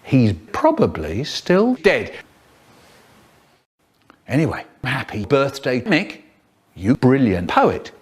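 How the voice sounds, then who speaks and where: A man in his seventies performing comic stories and rhymes in a theatrical, lively way. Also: medium pitch, slow pace, long pauses, husky. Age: 70s. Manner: theatrical, lively, swoops between silly voices. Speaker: children's poet performer. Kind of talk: animated storytelling, chopped into a remix.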